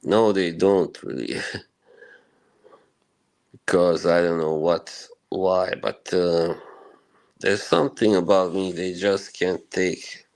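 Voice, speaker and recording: A man's voice: deep voice, steady tone, takes it slowly, pauses often, darkish tone, poor audio. A man hosting a live stream, casually chatting and answering viewer comments, chuckling often between remarks.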